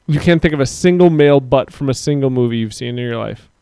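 A man's voice: medium pitch, fast talker, creaky, dark tone, smooth, no echo, clean studio sound. A man co-hosting a livestream, bantering crudely, laughing often and reading chat aloud. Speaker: livestream co-host.

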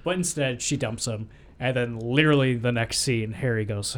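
A man co-hosting a casual movie podcast, wryly retelling scenes and dropping into quick impressions. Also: medium pitch. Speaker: podcast co-host. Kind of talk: casual movie review chat.

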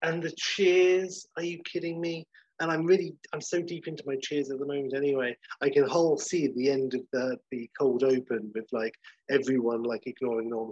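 A man's voice: mid-range voice, slightly rough. A man co-hosting a podcast, chatting casually and with enthusiasm, full of fillers. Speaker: podcast co-host. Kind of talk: casual chat. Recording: muffled lo-fi audio.

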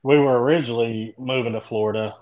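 A middle-aged man from Indianapolis with a Kentucky country accent, a podcast guest chatting loosely and telling stories in a drawn-out, rambling way. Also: mid-range voice, steady tone, darkish tone, low-quality recording. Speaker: guest, dent repair tech. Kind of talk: casual podcast chat.

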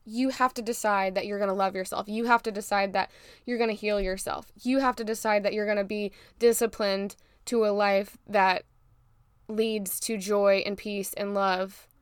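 A woman's voice: medium pitch, steady tone, moderate pace, smooth, no echo, clean studio sound. A young woman hosting a faith-based motivational podcast, talking in an emphatic, preachy, fired-up way to her listeners. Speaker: podcast host.

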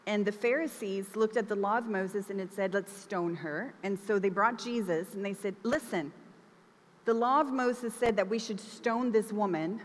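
A woman's voice: medium pitch, normal speed, a little hiss or hum. A woman giving a conversational, emphatic sermon, acting out the quoted lines as she preaches. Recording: long reverb of a large hall.

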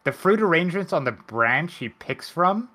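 A man hosting a casual podcast, chatting excitedly and reading out notes as he recaps a film. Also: fairly high pitch, moderate pace. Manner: excitable, reads numbers off a script. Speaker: podcast host.

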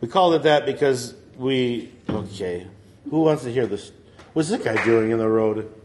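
A man's voice: medium pitch, lively intonation, moderate pace, background noise. A man telling a long story in casual chat, rambling with lots of fillers and laughing as he goes.

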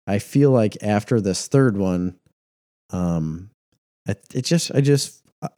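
A man's voice: lowish voice, expressive, slow pace, dark tone, no room sound, studio quality. An American man in casual banter, rambling and teasing with a laugh. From United States. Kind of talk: casual chat.

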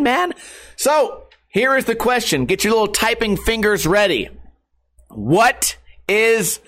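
This young man, a skateboarder who streams online, delivers a casual rant to viewers full of sarcasm, swearing and self-mockery. He speaks slowly in a high, slightly bright voice that's very animated.

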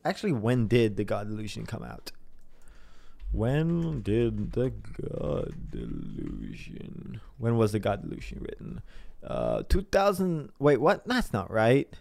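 Young male commentator, lively pitch, gravelly edge, dry close sound, sarcastic and rambling. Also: no echo. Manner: sarcastic, rambling, mocks people in put-on voices. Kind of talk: casual news commentary monologue.

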